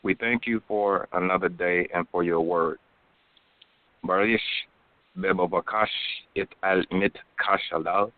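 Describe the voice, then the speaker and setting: A man, a guest on a radio panel, carefully reading out a prayer in a deliberate way. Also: low-pitched, steady tone, no echo. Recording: dry tinny phone line.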